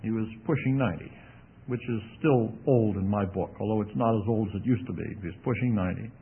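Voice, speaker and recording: A man's voice: lowish voice, fast talker, breathy edge. A man preaching a sermon in a folksy, emphatic way, with wry asides. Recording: tinny narrow-band radio broadcast.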